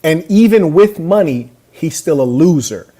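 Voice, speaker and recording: A man's voice: on the high side, lively intonation, measured pace, dark tone. A man hosting a reaction video from a hotel suite, brash, boastful and mocking as he talks over a clip. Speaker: podcast host reacting to a clip. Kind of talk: casual reaction commentary. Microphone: camera mic.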